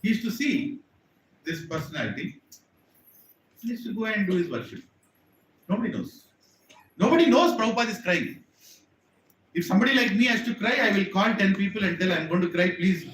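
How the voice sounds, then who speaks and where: High-voiced man preaching in a hall. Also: expressive, fairly quick, long pauses, fairly bright tone, slight background noise. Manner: earnest, repetitive, addresses the audience directly. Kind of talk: sermon. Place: temple hall. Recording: echoey hall, distant mic.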